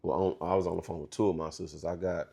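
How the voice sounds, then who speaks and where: Man, thirties, halting candid storytelling, slangy, gravelly rasp. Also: deep voice, fairly even intonation, warm tone. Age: 30s. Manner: halting, restarts often, slangy and profane. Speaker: interview guest.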